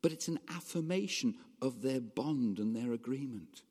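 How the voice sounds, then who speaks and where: Brief: male preacher in a church, lively rising and falling delivery, long hall reverb. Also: mid-range voice, normal speed, slightly rough. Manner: conversational, animated preaching with rhetorical questions. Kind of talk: sermon.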